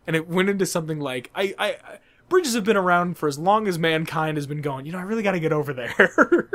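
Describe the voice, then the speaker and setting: A man's voice: sits high, lively intonation, quick pace, fairly bright tone, no echo. A man in his twenties, a podcast host, telling a story in casual chat, swearing and laughing as he goes.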